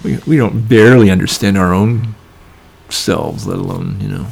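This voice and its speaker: A man's voice: low-pitched, moderate pace, gravelly, a little mellow, a little hiss or hum. A man co-hosting a casual radio chat, musing thoughtfully and answering with short murmurs.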